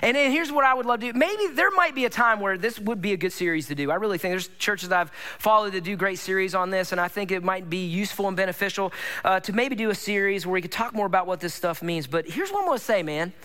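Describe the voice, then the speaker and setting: Male pastor preaching, high bright voice, chatty and excited, keeps checking in with the crowd. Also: fast talker. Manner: conversational, enthusiastic, addresses congregation as gang. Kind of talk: sermon.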